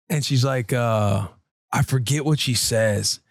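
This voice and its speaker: A man hosting a podcast, telling a rambling, animated story in casual chat. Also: medium pitch, slow pace, creaky, dry recording, clean studio sound. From United States. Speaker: podcast host.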